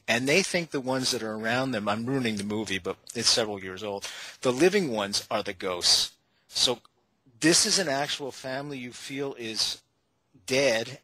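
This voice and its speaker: A man from Canada hosting a talk show about ghosts, with a bright, forceful voice that has a slightly husky edge. He tells stories with animated energy and speaks straight to his listeners. The recording is dry and close. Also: medium pitch, dry recording, poor audio. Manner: animated storyteller, addresses listeners as folks. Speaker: radio show host. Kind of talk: casual chat.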